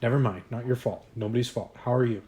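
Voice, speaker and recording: A man voicing a gentle, hopeful father. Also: mid-range voice, steady tone, fast, muffled recording, a little hiss or hum, close to an everyday voice. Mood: tender. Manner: gentle, eager, choking up. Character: warm hopeful middle-aged father on the phone. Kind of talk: audiobook reading.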